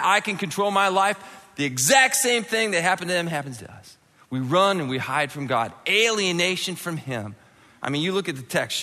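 A man's voice: a little high, pushed and bright, in a large hall. A man preaching a sermon, acting out quoted voices and dropping suddenly to a near whisper. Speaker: pastor.

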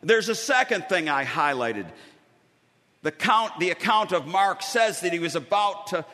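A man delivers a sermon in a church sanctuary, his bright voice rising and falling with lively storytelling and dramatic pauses. A long reverb from the hall trails each phrase. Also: high voice. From Western New York. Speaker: pastor.

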